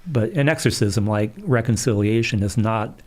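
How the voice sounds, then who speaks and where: A middle-aged man, a Catholic priest, calmly telling stories in an interview. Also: fairly low pitch, moderate pace. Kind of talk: storytelling in a livestream interview.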